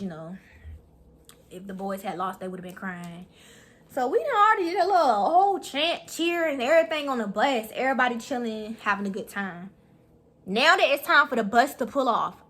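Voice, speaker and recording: A young woman telling a story to her viewers in a blunt, profane, animated way. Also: fairly high pitch. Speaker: vlogger. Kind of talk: storytime vlog.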